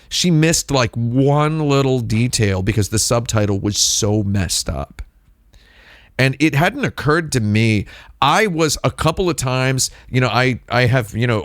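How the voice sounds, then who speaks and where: A livestream host with a medium-pitched voice chats casually, rambling and digressing with lots of restarts. The studio-quality recording has no room sound.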